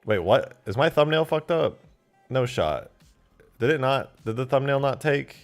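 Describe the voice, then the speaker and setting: A man commentating his game modding on a live stream, excitable and foul-mouthed, swinging into loud outbursts. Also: medium pitch, measured pace, faint music behind. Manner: excitable, swears a lot, flares into loud outbursts.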